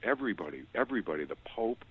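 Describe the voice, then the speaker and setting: A middle-aged man shares a personal testimony as a radio guest. His voice sits very low and comes through a narrow, tinny phone line. He talks earnestly, tripping over and repeating words. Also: sing-song, racing, husky.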